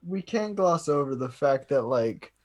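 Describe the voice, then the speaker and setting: A man's voice: mid-range voice, animated, measured pace, highs cut off, a crowd in the background. Young man laughing and swearing while chatting. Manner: laughing, swearing, jumps in with corrections. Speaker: podcast co-host. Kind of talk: casual chat recapping a movie.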